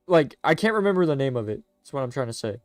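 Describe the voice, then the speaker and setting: A man's voice: medium pitch, fast, dry recording, soft background music. Stuttering, chatty male streamer. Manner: rambling, stuttering, self-correcting; excitable, chatty. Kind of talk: casual live-stream commentary.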